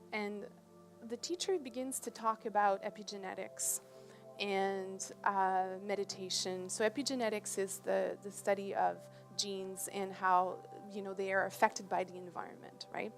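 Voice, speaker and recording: A woman gives a presentation aboard a ship and tells a personal story in a relaxed, conversational way. She has a middle-range voice and often pauses to check in with her listeners. Faint music plays behind her. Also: mid-range voice.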